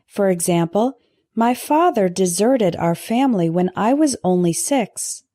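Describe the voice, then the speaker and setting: A woman teaching English vocabulary in a scripted lesson, pronouncing word pairs slowly and carefully for learners to repeat. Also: medium pitch, lively intonation, mellow, dry recording. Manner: slow, careful pronunciation drills.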